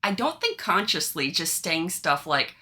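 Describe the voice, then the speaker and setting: Bright-voiced chatty woman. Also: on the low side, a little slow. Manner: giggly, animated, chatty. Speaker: podcast co-host reading stories. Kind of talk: casual chat, reading posts aloud.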